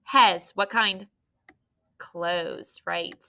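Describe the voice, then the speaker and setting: Casting: young woman, third grade teacher, slow encouraging phonics delivery, bright tone. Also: medium pitch. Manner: slow, encouraging, spells out letters. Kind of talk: phonics lesson to young students.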